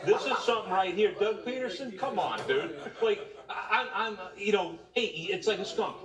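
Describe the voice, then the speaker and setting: A man with a fairly high voice gives a heated, scolding fan rant, stumbling and repeating himself. The audio sounds roomy and echoey, as if he is some way from the microphone. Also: lively intonation, moderate pace, fairly bright tone. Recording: echoey and distant from the mic.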